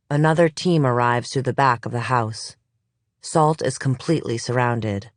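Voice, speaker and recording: An audiobook narrator reading a crime thriller in measured, even storytelling, close to the mic. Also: mid-range voice, no room sound. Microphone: close studio mic.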